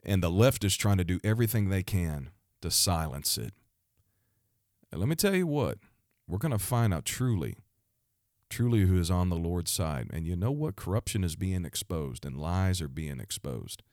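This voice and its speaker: A man delivering fervent, preachy commentary, repeating himself and building to loud outbursts. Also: low-pitched, very animated, moderate pace, no echo, studio quality. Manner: fervent, repetitive, with restarts and rising outbursts. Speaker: Christian commentator.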